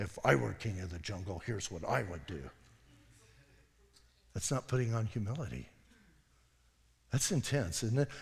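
A man preaching a sermon as pastor, animated and self-deprecating, dropping to quiet asides as he tells stories. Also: a little high. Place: church sanctuary. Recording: long hall reverb.

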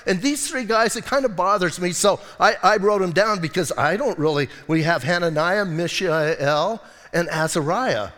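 A man preaching in a church, his voice pitched high and carried by a long reverb off the hall. He talks casually and jokes, often asking his listeners questions as he goes. The tone is relaxed and chatty rather than formal. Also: moderate pace, hardly any pauses. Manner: casual, joking, asks the congregation questions. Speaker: pastor. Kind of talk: sermon. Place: church sanctuary.

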